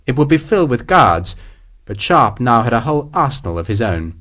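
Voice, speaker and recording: Expressive male audiobook narrator. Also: medium pitch, brisk. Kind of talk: scripted narration.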